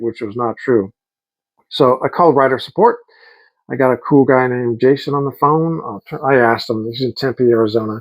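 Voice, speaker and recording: A middle-aged vlogger tells rambling, excited stories in a casual video, quoting people by doing their voices. He has a medium-pitched voice, and the recording is rough.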